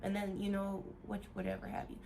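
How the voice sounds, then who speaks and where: A woman vlogger giving a casual motivational rant, animated, laughing often and swearing freely as she rambles with restarts. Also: medium pitch, a little fast, creaky, slight background noise.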